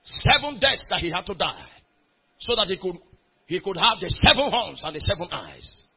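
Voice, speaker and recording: A man's voice: high-pitched, very animated, normal speed, gravelly, sharp tone, husky, dull audio. A man preaching a sermon in a church hall, reading scripture aloud and calling out questions to the congregation. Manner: reads scripture aloud in a rising, building cadence. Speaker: pastor.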